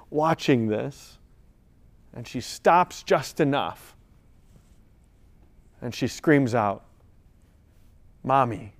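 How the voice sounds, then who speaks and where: A man's voice: medium pitch, clear, resonant tone. A man, a priest, telling a story and then preaching to a gathering of college students. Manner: storytelling, builds to preaching emphasis. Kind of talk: sermon.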